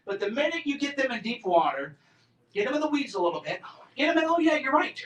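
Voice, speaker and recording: A man's voice: very high-pitched, sing-song, fast talker, fairly bright tone. A man in his forties giving a combative, sarcastic talk to a campus student group, mocking others in put-on voices. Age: 40s. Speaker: invited speaker. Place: lecture room on a college campus. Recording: roomy and distant from the mic.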